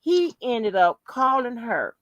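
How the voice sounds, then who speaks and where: A woman's voice: fairly high pitch, takes it slowly, no echo, highs cut off. A woman hosting a podcast, telling a story in casual chat with lots of cursing and emphasis. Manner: profane, emphatic, animated storyteller. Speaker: podcast host.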